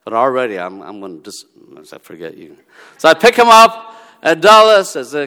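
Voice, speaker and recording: A man preaching a sermon in a relaxed, storytelling way, acting out the dialogue of the people in his stories. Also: medium pitch, normal speed, clean tone. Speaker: pastor. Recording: long reverb of a large hall.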